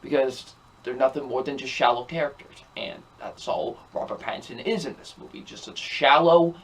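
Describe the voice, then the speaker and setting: A man's voice: medium pitch, normal speed. A young man giving a ranting, repetitive movie review, sounding exasperated as he keeps circling back to the same complaints. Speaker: film reviewer.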